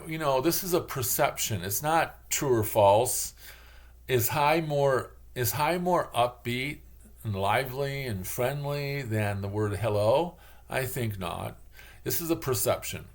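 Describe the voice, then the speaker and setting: Unhurried and expressive, this medium-pitched man from Michigan hosts a channel and talks in his Michigan accent. His monologue is casual and wandering, and he performs the voices of the people he quotes.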